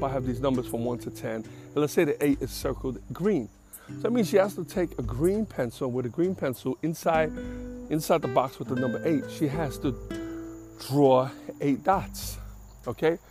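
A man's voice: mid-range voice, moderate pace, music in the background. An older man from the Bronx, a podcast host telling a casual story in a blunt, streetwise and profane way. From the Bronx, New York.

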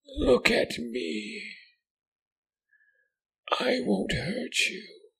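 A man's voice: extremely high pitch, drawn-out words, gravelly, a bit bright, husky, pitched above the performer's own voice, heavily acted. A man voicing a gaunt crooked creature that whispers in a strained, parrot-like way, falsely tender. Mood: coaxing whisper. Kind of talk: horror story narration.

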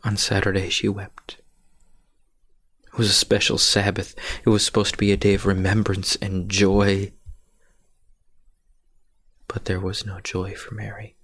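A male preacher retelling a scripture story in a sermon, hushed and often dropping to a whisper for drama. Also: on the low side, monotone, unhurried, long pauses, no room sound.

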